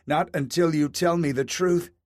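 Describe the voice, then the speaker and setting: A man's voice: mid-range voice, big pitch swings, measured pace, no room sound, studio quality, pitched above the performer's own voice. A man voicing a furious, betrayed wealthy wife who demands the truth in a raised, accusing voice.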